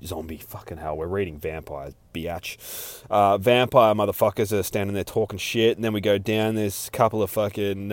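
A man's voice: on the low side, a little mellow, dry recording. A man casually reviewing a comic book issue, rambling and swearing heavily, acting out characters' lines. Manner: rambling, heavily profane, lots of fillers; acts out character quotes.

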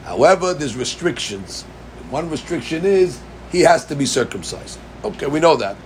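A man's voice: fairly high pitch, sing-song, normal speed, a little hiss or hum. A man teaching a Talmud class. He reads the text in a chanting lilt, then explains it plainly and puts questions to his students. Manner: addresses students directly with questions.

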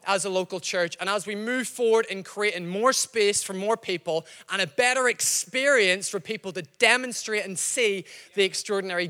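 Bright rousing church leader in a hall. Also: male voice, sits high, smooth. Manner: rousing, emphatic, rising to shouts on key phrases. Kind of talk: church vision and giving appeal. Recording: long hall reverb.

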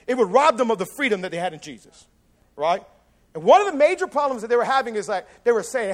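A man with a high, light voice preaches a sermon in an easy, conversational way. He talks casually and with lots of energy, and he acts out quoted lines as he goes. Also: expressive, brisk. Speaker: pastor.

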